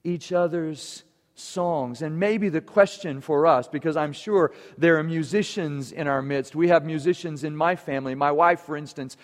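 A man preaching a sermon to his congregation, earnest and emphatic. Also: a little high. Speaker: pastor. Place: church sanctuary. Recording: long church reverb.

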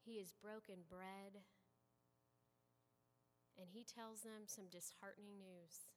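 A woman preaching a sermon as an animated storyteller, swinging from loud to hushed, heard with echoey sanctuary reverb. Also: medium pitch, takes it slowly, a little hiss or hum. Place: church sanctuary.

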